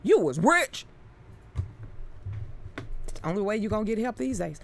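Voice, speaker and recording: A woman's voice: mid-range voice, very animated, creaky, slight background noise. A woman hosting a live stream, chatting loosely and joking while reading comments and articles. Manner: loose and joking, quick asides, Southern-leaning slang. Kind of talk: casual chat reading comments.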